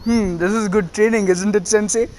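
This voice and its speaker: A man's voice: sits high, brisk, lightly acted. A man voicing a cocky, teasing teenage boy ninja in a fan retelling. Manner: smug, playful teasing.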